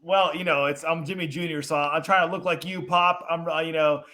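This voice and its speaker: A man's voice: on the high side, steady tone, a little fast, sharp tone. A man helping run a podcast, chatting casually in a joking, easygoing way. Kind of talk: casual chat.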